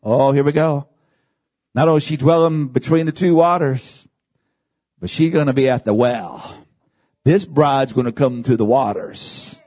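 Fervent preacher with a husky voice. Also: male voice, mid-range voice, measured pace. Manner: rising to fervent shouts, calls for amen and hallelujah. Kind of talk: sermon.

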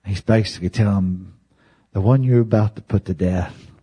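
A man preaching a sermon, impassioned, climbing loud and then dropping to hushed, whispered lines. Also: on the low side, normal speed, husky.

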